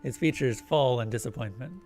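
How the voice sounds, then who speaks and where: A man's voice: mid-range voice, fairly quick, a little mellow, soft background music. Man reading game text aloud. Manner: narrates descriptively, then casual asides. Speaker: streamer.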